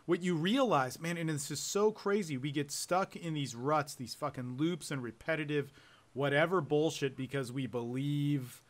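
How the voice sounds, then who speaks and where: A man's voice: on the high side, moderate pace. A man hosting a podcast, talking casually and emphatically and swearing freely. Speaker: podcast host. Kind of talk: casual conversation.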